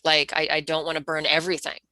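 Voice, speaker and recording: A woman's voice: low voice, completely flat delivery, fast, pushed and bright, no echo. A woman sharing candidly in a casual peer talk, swearing a lot and often restarting her sentences. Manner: raw, heavy swearing, frequent restarts.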